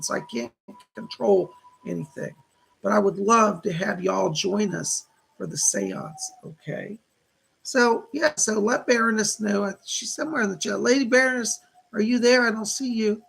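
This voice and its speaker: A man's voice: high-pitched, vocal fry, fairly bright tone, husky. A man hosting a casual livestream as a psychic, chatting to viewers and greeting names from the chat.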